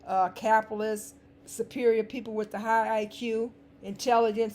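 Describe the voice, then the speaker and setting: A woman's voice: fairly high pitch, level tone, moderate pace, a little mellow. A woman with a dry, scratchy voice giving an emphatic, sarcastic commentary monologue, repeating words for stress. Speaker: vlogger.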